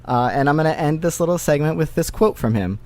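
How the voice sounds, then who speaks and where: A man's voice: a little high, expressive, fast talker, darkish tone. A man co-hosting a podcast, chatting in a dry, joking way. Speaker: podcast co-host. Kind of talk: casual podcast chat.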